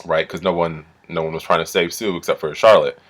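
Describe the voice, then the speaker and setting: A man with a lowish voice rants through a casual recap as a vlogger. He is animated and profane, and he swings between muttered asides and loud, indignant bursts. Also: fairly quick.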